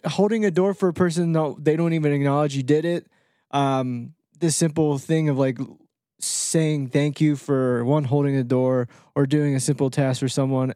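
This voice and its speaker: A man's voice: on the high side, warm tone, no echo, studio quality. A man co-hosting a podcast, talking casually in a rambling way with lots of fillers and restarts. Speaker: podcast co-host. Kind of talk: casual chat.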